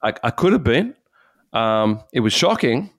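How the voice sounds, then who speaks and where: A man, a pastor, giving an earnest, animated personal testimony in conversation. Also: mid-range voice, measured pace, no room sound. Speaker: pastor and guest speaker.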